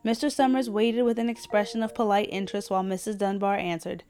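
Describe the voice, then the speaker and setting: Woman, podcast host, reading a story aloud, steady, measured, faint music underneath. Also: mid-range voice.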